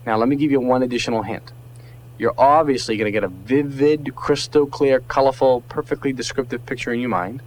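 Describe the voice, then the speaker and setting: A man's voice: mid-range voice, steady tone, darkish tone, slight background noise, low-quality recording. Emphatic man coaching a memory drill. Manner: emphatic, repetitive coaching with dramatic pauses. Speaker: memory trainer. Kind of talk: guided memory exercise.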